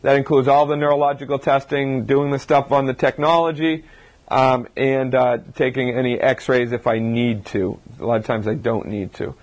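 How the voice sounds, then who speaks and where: A man's voice: mid-range voice, little pitch movement, normal speed. A man, a chiropractor, gives an informal lecture to a live audience, talking through his points with rhetorical questions and frequent restarts. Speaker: chiropractor giving a health talk.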